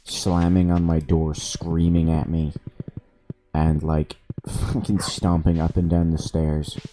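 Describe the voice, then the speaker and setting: A man with a deep, mellow voice speaks slowly in a level tone while streaming a video game on a desk mic. Between moves he casually tells stories, swearing freely and laughing as he goes.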